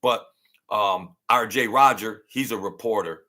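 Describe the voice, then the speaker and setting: A middle-aged man rants on a livestream in a slow, deliberate drawl, repeating his jabs and answering chat. His voice is bright and forceful, with a sharp, mocking edge. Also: fairly low pitch. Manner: blunt, mocking, repetitive, rants loudly then laughs. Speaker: channel host. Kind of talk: livestream commentary reading chat.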